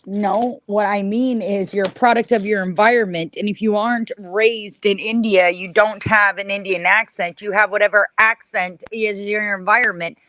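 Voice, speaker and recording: A woman's voice: mid-range voice, steady tone, normal speed, hardly any pauses, fairly bright tone. A woman with an American accent hosting a casual live stream, blunt and teasing as she argues with her guests. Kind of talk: casual chat.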